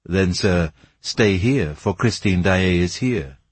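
Guy doing a low, slow, secretive persian man, husky storybook voice. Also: expressive, no echo, full character voice. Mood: grave. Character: grave, secretive older male Persian.

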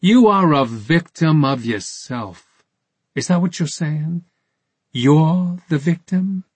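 Storybook villain, mocking and sarcastic, read by a man, husky voice pitched up. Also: sing-song, a little slow, dry recording. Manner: taunting and sarcastic. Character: menacing, mocking male interrogator.

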